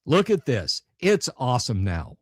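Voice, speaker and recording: A man's voice: mid-range voice, huge pitch swings, unhurried, no room sound, clean studio sound. A man hosting a casual livestream chat for his tabletop gaming channel, blunt, sarcastic and profane.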